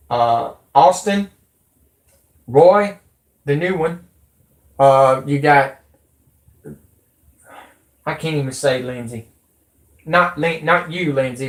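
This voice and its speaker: A man's voice: medium pitch, echoey room. A man ranting to his viewers on a livestream, rambling and swearing freely, calling them folks and y'all. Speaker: conspiracy vlogger.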